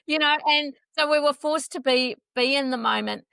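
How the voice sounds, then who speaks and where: A woman's voice: high voice, normal speed, vocal fry, bright, forceful tone, no room sound. A woman hosting a podcast and talking casually with her guest. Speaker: podcast host. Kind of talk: casual interview.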